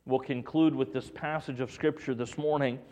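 A man preaching a Sunday sermon and reading scripture aloud, dropping his voice low and hushed for emphasis. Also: steady tone, moderate pace. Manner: preaching with dramatic drops to a hushed voice; reads scripture in King James wording. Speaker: pastor.

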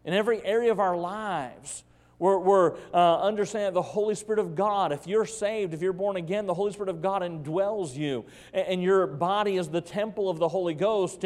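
A man preaching a sermon as pastor, swinging from loud emphasis down to soft, hushed phrases. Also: a little high. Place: church sanctuary. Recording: long reverb of a church hall.

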